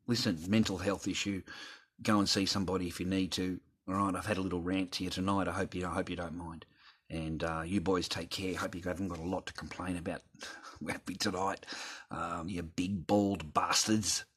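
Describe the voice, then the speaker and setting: Deep husky-voiced swearing Australian man. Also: level tone, moderate pace, fairly bright tone. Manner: swears heavily, rambling storytelling. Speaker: channel host. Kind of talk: casual rant to viewers.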